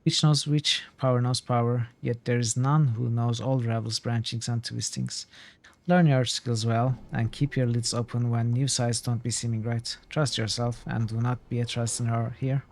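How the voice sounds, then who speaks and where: A man reading aloud the lines of an old, superstitious woman in a game, voicing her fearful, folksy warnings in his own plain voice at a middling pitch. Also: level tone, moderate pace, close to an everyday voice. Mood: weary. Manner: archaic folksy speech, fretful warnings.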